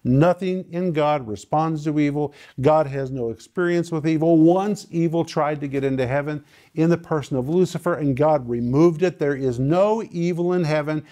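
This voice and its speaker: Man, preacher, sermon, emphatic, repetitive, fairly high-pitched. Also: moderate pace, mellow. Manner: emphatic, repeating phrases with sudden dynamic swings. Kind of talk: sermon teaching.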